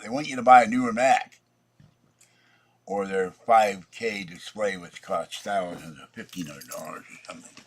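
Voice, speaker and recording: Husky man rambling in a vlog. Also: medium pitch. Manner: chatty, meandering, talks to himself while using the computer. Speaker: vlogger.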